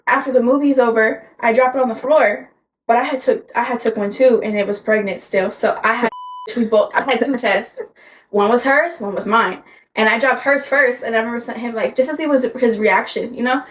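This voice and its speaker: Young woman, slightly high voice, casual rambling storyteller, swears a lot. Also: a little fast, slight background noise, poor audio. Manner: rambling, swears freely, laughs through her story. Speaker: podcast co-host.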